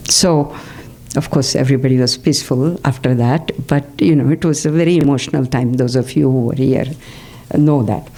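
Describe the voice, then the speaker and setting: Older lady, low mellow voice, telling stories to a devotional group, lots of uh and okay?. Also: normal speed. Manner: anecdotal, frequent fillers and "okay?" check-ins. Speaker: devotional speaker. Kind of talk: personal talk to a spiritual group. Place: community center hall.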